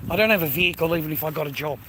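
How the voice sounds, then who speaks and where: Australian man, high and sharp-toned, rambling outdoor phone vlog, constant swearing and matey asides, faint ambient hum. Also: racing, low-quality recording. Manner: loose and rambling, swears constantly, calls listeners mate and bro. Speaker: vlogger. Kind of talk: rambling casual monologue to camera.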